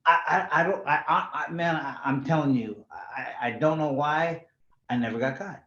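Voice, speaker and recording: A former pro boxer from California tells stories in a casual interview, his fairly high voice moving at a normal speed. He's animated, swears freely and often restarts his sentences, and the recording sounds roomy and slightly dull.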